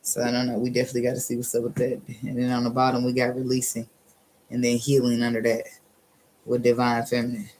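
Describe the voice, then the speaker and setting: This tarot reader's voice is extremely low and slightly mellow, delivered completely flat over slight background noise. She reads casually, bluntly, and sassily with profanity, laughing often and drawling some phrases slowly for emphasis.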